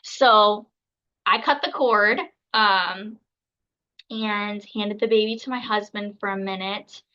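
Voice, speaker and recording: Chatty woman, bright voice. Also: mid-range voice, steady tone, takes it slowly, highs cut off. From United States. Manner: chatty, filler-heavy, acts out others' words. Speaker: podcast guest. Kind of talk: casual storytelling.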